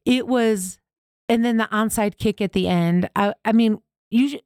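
A woman in her thirties co-hosting a casual podcast chat, lively and quick to laugh, acting out what others said. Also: fairly high pitch, clean tone, no room sound, studio quality. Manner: animated, laughs often, acts out quotes. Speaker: podcast co-host.

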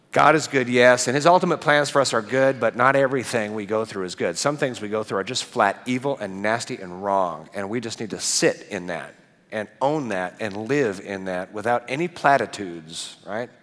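A middle-aged male pastor giving a conversational sermon in a church, animated and asking the congregation questions. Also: fairly low pitch, moderate pace, in a large hall. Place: church sanctuary.

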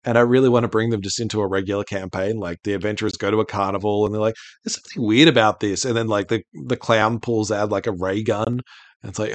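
Male podcast co-host, lowish voice, chatty, casual swearing, dry sound. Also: steady tone, fast, no room sound. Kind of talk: casual chat.

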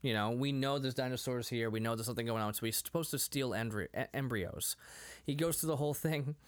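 A man in his thirties rambles through a casual movie chat. His voice sits at a middle pitch, and he keeps laughing and breaking into quick acted-out quotes. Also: smooth. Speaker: podcast co-host.

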